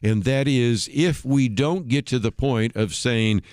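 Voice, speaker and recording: A man's voice: medium pitch, a little slow, darkish tone, no room sound, studio quality. A man hosting a talk radio show, giving conversational commentary and explaining history step by step.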